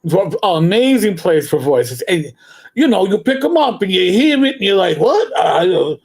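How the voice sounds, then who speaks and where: A man's voice: high-pitched, big pitch swings, moderate pace, vocal fry, darkish tone, husky. Rambling New man telling stories. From New York City. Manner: rambling storyteller, stammers and restarts, slips into put-on voices. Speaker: podcast co-host. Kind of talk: casual livestream chat.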